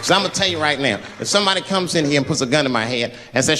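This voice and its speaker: A man performing stand-up comedy on stage, telling a story in an animated way and shouting out the voices of the people in it. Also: on the high side, rapid-fire, soft background music. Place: comedy stage before an audience.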